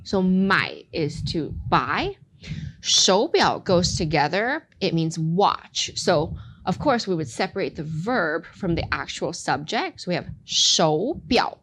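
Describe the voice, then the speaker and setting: Lively woman teaching Mandarin tones. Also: fairly low pitch, slightly rough. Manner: playful, laughs often, models phrases slowly. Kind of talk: podcast language lesson.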